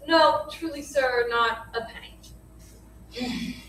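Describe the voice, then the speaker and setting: A woman's voice: high voice, drawn-out words, fairly bright tone, slight background noise, full character voice. A woman playing a bustling old nurse. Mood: brisk. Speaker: amateur stage actor. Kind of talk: unrehearsed stage reading. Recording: very echoey hall, distant mic.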